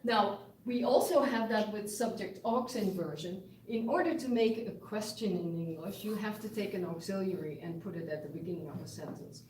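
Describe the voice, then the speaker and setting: A woman's voice: mid-range voice, moderate pace, few pauses, a little mellow, slight background noise. A woman giving a university linguistics lecture, explaining patiently with examples and frequent restarts. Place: lecture room. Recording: echoey room, mic far off.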